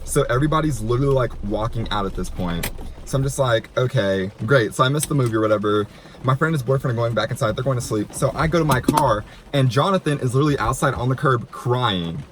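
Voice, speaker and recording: Young male vlogger, mid-pitched, gossipy and animated, lots of "like.". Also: fast. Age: 20s. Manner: chatty, dramatic, lots of "like". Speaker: YouTuber. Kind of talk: storytime vlog. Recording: noisy room.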